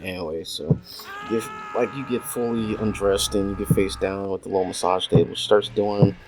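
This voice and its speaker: Rambling, foul-mouthed man with a low voice. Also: steady tone, brisk. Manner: rambling, crude, heavy swearing and fillers. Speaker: storyteller gaming on stream. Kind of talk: casual storytime. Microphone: desk USB microphone. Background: faint noise and mouse clicks.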